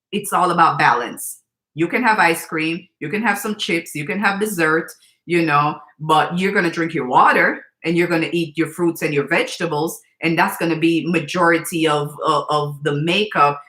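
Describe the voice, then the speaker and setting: A woman who works as a nutrition specialist, chatting casually on a live video with viewers, full of "you know" and "like", and lively when she quotes others. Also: reverberant. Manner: chatty, candid, many fillers like "you know" and "like", reads out viewer comments; animated when quoting her niece, jumping high in pitch.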